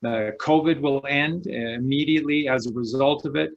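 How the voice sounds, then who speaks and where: A man's voice: medium pitch, moderate pace, creaky. Emphatic man guest, dull lo-fi audio. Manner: emphatic, rallying, repeats for stress. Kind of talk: casual chat. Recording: dull lo-fi sound.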